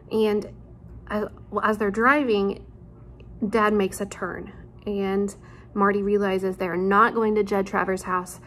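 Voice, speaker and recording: A woman's voice: medium pitch, level tone, takes it slowly, a bit bright, a little hiss or hum. A woman teacher at home, chatting casually with her students and retelling a story in an informal way, with frequent ums and asides. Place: at home, near a laundry room.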